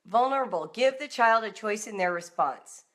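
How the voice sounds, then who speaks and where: A middle-aged woman hosting a live-streamed talk for parents, animated and now and then acting out emotional outbursts in a raised voice. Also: mid-range voice, moderate pace. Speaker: homeschooling author and host.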